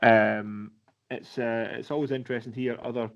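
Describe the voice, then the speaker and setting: A man's voice: medium pitch, level tone, moderate pace, gravelly. Rambling man host, slightly dull audio. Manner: rambling, swears casually, lots of fillers. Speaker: podcast host. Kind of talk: casual chat.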